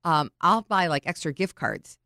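A woman's voice: low voice, very animated, moderate pace, creaky, sharp tone. A woman co-hosting a podcast in casual chat, practical and giving tips step by step. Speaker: podcast co-host.

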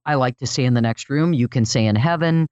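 Interview host, mid-pitched voice, easygoing hesitant phrasing, dull lo-fi recording. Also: brisk, a little mellow, smooth, no echo. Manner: conversational, hesitant starts. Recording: dull lo-fi sound, dry.

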